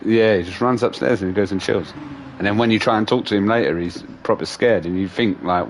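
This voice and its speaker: A man's voice: fairly low pitch, a little fast, a little hiss or hum. A young man, a livestream host, telling stories in casual chat, laughing often and swearing freely. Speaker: streamer host.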